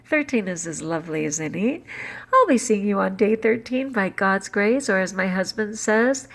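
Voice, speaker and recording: A middle-aged woman vlogging casually to camera, candid and animated, with lively jumps in pitch. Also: normal speed, gravelly.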